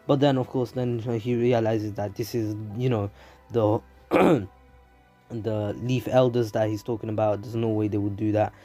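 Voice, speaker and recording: Rambling London man, mellow low voice. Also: fairly even intonation, a little slow, faint music behind. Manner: rambling, heavy on fillers and restarts. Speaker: YouTube anime channel host. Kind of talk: casual story recap. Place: home in a city, traffic sirens outside.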